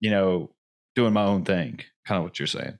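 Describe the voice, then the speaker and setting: Man, interview host, lowish voice, rambling questions. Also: normal speed. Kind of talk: conversational interview.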